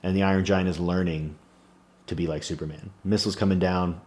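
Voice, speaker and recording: A man's voice: low voice, steady tone, a little fast, darkish tone. A man in his thirties, a small business owner, telling a personal story in an earnest, reflective way. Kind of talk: personal vlog monologue.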